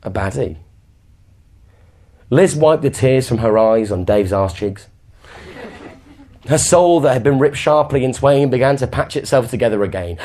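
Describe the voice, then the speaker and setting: A male comedian reciting a comic narrative poem at a live show. His delivery is theatrical, leaning into deliberate repetitions. The voice sits at an ordinary middle pitch for a man. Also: darkish tone. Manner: theatrical storytelling, drawn-out repetitions. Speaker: comedian and performance poet.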